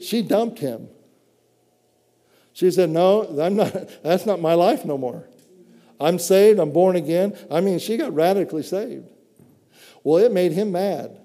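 A man's voice: sits high, dark tone, big-room sound. A man preaching a sermon with fervent, frequent cries of praise between phrases.

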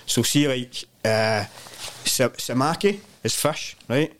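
A Scottish man chats casually on a podcast, swearing freely as he tells stories and acts out the voices of people he met. His voice sits at an ordinary middle pitch for a man. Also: slow, a little hiss or hum. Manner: animated storyteller, swears freely, mimics voices in quotes. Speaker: podcast guest. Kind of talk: casual chat.

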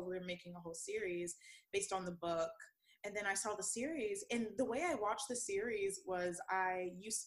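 A woman's voice: mid-range voice, rough recording. A young woman chatting casually on a podcast, rambling through her thoughts with lots of fillers and frequent laughter.

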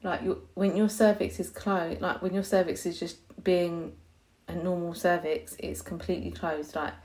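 Slightly mellow and on the low side, this young woman's voice carries her podcast, where she talks openly and casually with frequent laughter. She is a podcast host and a hypnobirthing teacher.

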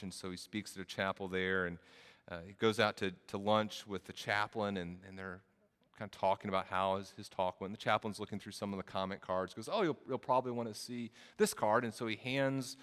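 A man's voice: lowish voice, fairly even intonation, a little fast, a bit bright, smooth, big-room sound. A man preaching a sermon, telling a story and then building to emphatic preaching. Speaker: pastor.

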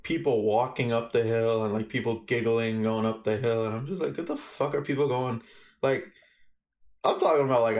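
Young man telling a story, swearing freely. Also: mid-range voice. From Guatemala. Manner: animated storytelling, heavy swearing, acts out quotes. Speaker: podcast guest. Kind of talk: casual podcast chat.

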